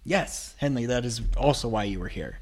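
A man running a tabletop game, talking casually and often restarting his sentences. His voice sits in an ordinary middle pitch. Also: expressive, darkish tone, breathy edge. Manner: casual, halting narration with restarts. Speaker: game master.

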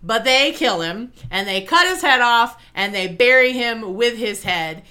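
A young woman with a somewhat high, very bright voice tells a story in casual chat. She keeps it animated and loose, sprinkling "like" and checking in with "okay?". Her tone stays lively and conversational, like a co-host carrying the story. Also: measured pace. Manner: animated retelling, peppered with "like" and "okay?".

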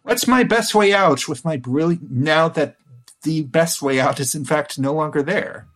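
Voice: mid-range voice, measured pace. A player in a tabletop game, talking casually and playfully about their moves.

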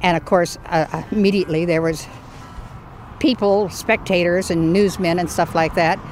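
A woman's voice: lowish voice, fairly even intonation, normal speed, darkish tone, soft background music. A woman, a property owner, telling her story in a blunt, defiant and wry way. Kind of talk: storytelling interview.

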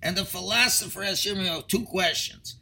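A man's voice: high-pitched, brisk, gravelly, sharp tone, slightly rough, poor audio. A man teaching a Torah lecture as a rabbi, explaining earnestly through stories and rhetorical questions.

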